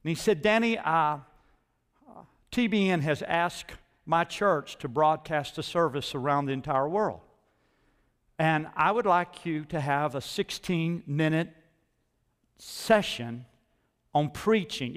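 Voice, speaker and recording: A male pastor preaching a sermon in a church, moving between quiet asides and loud, rising declarations. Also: fairly high pitch, expressive, measured pace, big-room sound. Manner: dynamic preaching, swinging from soft asides to loud climbs. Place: church sanctuary.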